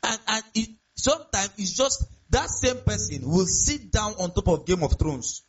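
A man's voice: high-pitched, sing-song, moderate pace, slightly rough, soft background music. A man preaching a sermon as pastor, emphatic and repetitive, often asking the congregation rhetorical questions. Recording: dull lo-fi sound.

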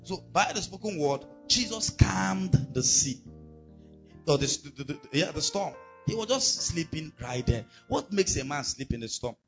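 A man preaches a sermon as pastor, leaning on emphatic repetition and rhetorical questions. His voice sits fairly high and swings widely in pitch. The recording is dull and lo-fi, with faint music underneath. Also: animated, normal speed, vocal fry.

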